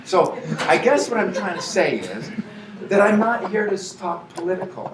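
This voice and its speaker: Man giving a motivational speech, fairly high voice, laughing often, recorded from afar in an echoey hall. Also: a little hiss or hum. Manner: animated, laughs often, builds to shouting. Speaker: motivational speaker at a company event. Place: event hall with an audience. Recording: echoey hall, mic from far off.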